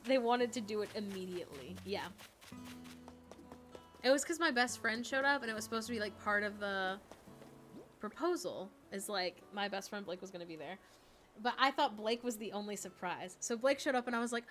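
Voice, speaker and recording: A woman's voice: medium pitch, normal speed, fairly bright tone. A woman live streamer chatting casually and giggling while she plays a game, full of fillers. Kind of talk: casual chat while gaming. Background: game music.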